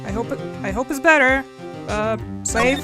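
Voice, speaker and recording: A woman's voice: high-pitched, normal speed. A woman streaming a game live, chatting casually with her viewers. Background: game music.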